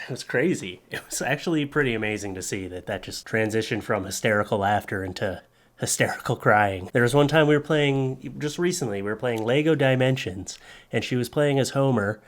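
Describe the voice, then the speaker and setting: Excited man joking to his viewers. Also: medium pitch. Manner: excited, joking, talks fast. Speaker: YouTuber. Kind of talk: casual vlog talk to camera.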